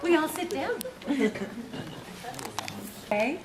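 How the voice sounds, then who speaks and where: Lively woman leading voice warmups at a convention panel, highish voice, echoey hall with a loud crowd. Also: takes it slowly, recorded from a distance. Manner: animated, playful, laughs often. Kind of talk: live panel talk leading vocal warm-ups. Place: large convention hall with audience.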